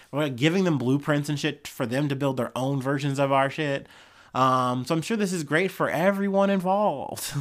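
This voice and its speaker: Rambling, sarcastic man. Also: medium pitch. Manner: rambling, sarcastic, with frequent fillers and swearing. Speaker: podcast host. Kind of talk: casual solo news commentary.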